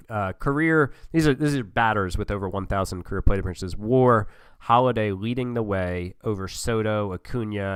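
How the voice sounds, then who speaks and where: A lowish, smooth male voice, recorded close and dry with no room sound. He talks through a sports sim game in a relaxed, conversational way, thinking aloud and trailing into fillers as he goes. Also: dry recording. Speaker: gaming channel host. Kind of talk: casual gameplay commentary.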